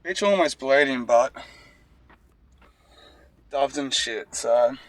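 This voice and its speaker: A man's voice: medium pitch, expressive, takes it slowly, slight background noise. A man vlogging while walking outside, out of breath, rambling and swearing casually. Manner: mumbled, rambling, swears freely. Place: outdoors on a street.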